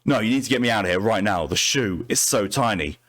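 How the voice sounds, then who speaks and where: A man's voice: lowish voice, expressive, brisk, fairly bright tone. A man voicing a panicked, trapped male test subject who pleads desperately to be pulled out.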